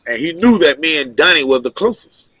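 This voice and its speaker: Casting: man, casual storyteller, bright forceful voice, talks in loose asides. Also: fairly high pitch, fairly quick, husky. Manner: loose, animated storytelling with asides and quoted dialogue. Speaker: guest storyteller.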